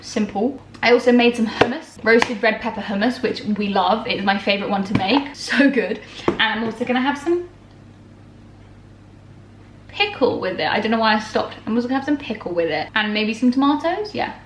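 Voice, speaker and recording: In a kitchen at home, a young female vlogger talks casually through her day, often laughing and making fun of herself. She speaks briskly, with a fairly high pitch and lively intonation, against background noise. Clatter and echo fill the room.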